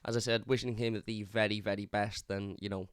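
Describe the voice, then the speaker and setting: A man's voice: lowish voice, flat delivery, fairly quick, clear, resonant tone, dry recording, clean studio sound. A man hosting a fan channel, giving casual, opinionated football talk in a conversational way, often repeating words as he thinks.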